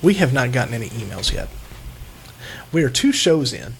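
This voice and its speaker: A man's voice: mid-range voice, sing-song, normal speed, vocal fry, slightly rough. A man hosting a casual podcast, rambling loosely and laughing often. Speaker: podcast host. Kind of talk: casual chat.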